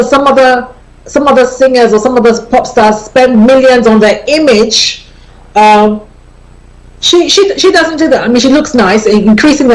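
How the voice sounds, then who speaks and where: A woman with a fairly high voice hosts a radio talk show from a studio. She chats in an easy, explanatory way and circles back to repeat her key points. Her tone is relaxed and conversational, like someone coaching listeners. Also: poor audio.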